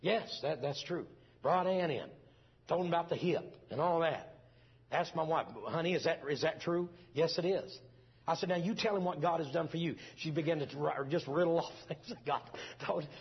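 A man's voice: on the high side, moderate pace, slightly rough, highs cut off. A middle-aged man, preaching a testimony in a folksy storytelling way full of restarts. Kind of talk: sermon testimony.

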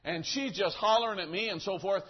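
A male pastor preaching, telling a story with animated acting and gestures. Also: high voice, normal speed, slightly rough. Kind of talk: sermon with a story. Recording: dull lo-fi recording.

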